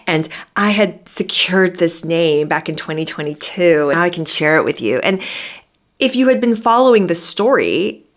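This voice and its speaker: A woman's voice: lowish voice, lively intonation, moderate pace. A woman giving an emphatic, sarcastic commentary monologue, admitting she is worked up. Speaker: commentary vlogger. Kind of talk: opinionated monologue.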